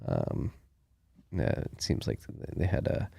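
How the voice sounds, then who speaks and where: A man's voice: unhurried, dark tone, dry recording, studio quality. A man co-hosting a podcast, chatting casually about the news and thinking aloud with plenty of fillers. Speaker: podcast co-host.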